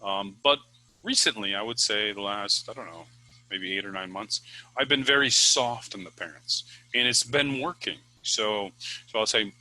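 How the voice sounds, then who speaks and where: Chatty male English teacher, bright voice. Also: lowish voice, normal speed, dry recording, rough recording. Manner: chatty, many fillers and restarts, lively ups and downs. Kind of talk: casual talking-to-camera advice.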